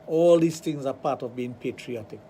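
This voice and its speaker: A man's voice: mid-range voice, moderate pace, mellow, slight background noise. A man with a Trinidadian accent, hosting a radio talk show and telling a long rambling personal anecdote. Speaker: radio show host, sex therapist.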